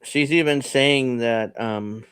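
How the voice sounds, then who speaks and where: A man's voice: medium pitch, takes it slowly, a bit bright, clear, resonant tone. Casual man hosting a news panel. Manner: rambling, reads posts aloud, laughs often. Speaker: host.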